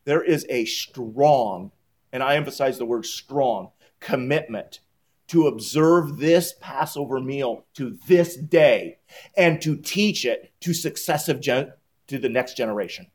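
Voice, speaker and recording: A man preaching a sermon to his congregation, emphatic and rising in pitch when he quotes scripture and blessings. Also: expressive, unhurried. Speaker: pastor. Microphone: PowerPoint on screen, speaking at a church lectern.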